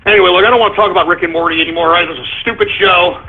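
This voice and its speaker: A man hosting a talk radio show, ranting angrily with shouting and profanity. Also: high-pitched, steady tone, racing. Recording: tinny phone-like lo-fi.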